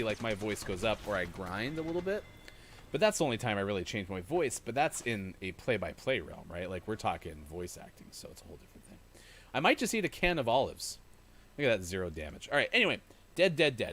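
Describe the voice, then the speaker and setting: A man's voice: on the low side, big pitch swings, fast, fairly bright tone, a little hiss or hum. A man hosting a live gaming stream, rambling in a chatty way, reading and answering chat with lots of fillers. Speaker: host.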